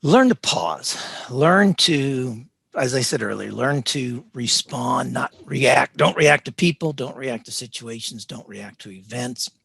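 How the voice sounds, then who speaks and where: A man, a leadership coach, speaking as an interview guest; he gets excited and then deliberately slows and calms his voice. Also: medium pitch, creaky, husky, no echo. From United States. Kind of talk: interview over video call.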